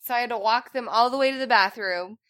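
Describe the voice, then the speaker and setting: A woman's voice: on the high side, fast, fairly bright tone. A woman in her thirties co-hosting a casual chat, teasing and giggly. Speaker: co-host.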